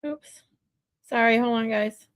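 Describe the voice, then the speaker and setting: A woman streamer chatting casually and with amusement as she comments on paused footage. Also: a little high. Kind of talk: casual chat.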